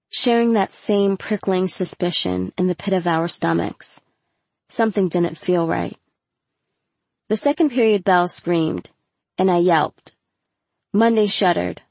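A woman narrating a first-person audiobook in a measured storytelling voice with casual slang. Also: lowish voice, gravelly, a little mellow, dry recording.

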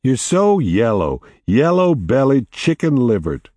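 A man's voice: sing-song, extremely slow, a little mellow, no echo, studio quality, heavily acted. A man voicing a reckless, boastful young brother who taunts and turns everything into a competition. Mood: taunting. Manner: teasing, boastful, rising to shrill panic.

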